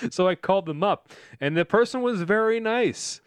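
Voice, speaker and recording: A man's voice: high voice, lively intonation, normal speed, clear, resonant tone, no room sound. A man co-hosting a comedy podcast, telling rambling stories and laughing through them. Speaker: podcast co-host. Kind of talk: casual chat.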